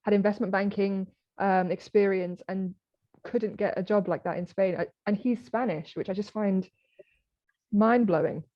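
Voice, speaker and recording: British woman, 30s, animated storyteller guest, dry lo-fi recording. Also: medium pitch, moderate pace, no room sound. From Britain. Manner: animated storytelling, acting out quoted exchanges. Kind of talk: conversational interview.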